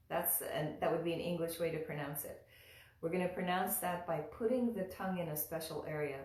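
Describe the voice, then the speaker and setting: A woman teaching mantra pronunciation in a calm, patient manner, demonstrating each sound and chanting slowly. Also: deep voice. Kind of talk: slow guided pronunciation lesson. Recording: roomy echo, from a distance.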